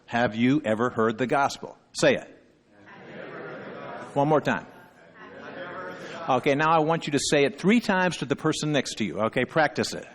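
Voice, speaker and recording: A middle-aged man preaching a sermon as pastor, emphatic and often checking in with the congregation. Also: fairly high pitch. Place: church sanctuary. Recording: long reverb in a church hall.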